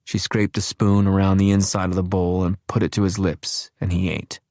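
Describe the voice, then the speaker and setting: A man reading an audiobook in an even, measured narration. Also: deep voice, no echo, clean studio sound. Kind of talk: scripted narration.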